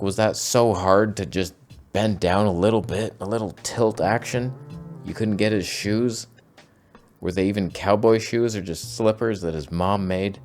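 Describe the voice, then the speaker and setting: Brief: low-voiced man, sarcastic, exasperated comic ranter roasting photos. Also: a little mellow. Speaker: photography video host. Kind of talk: comedic photo critique rant.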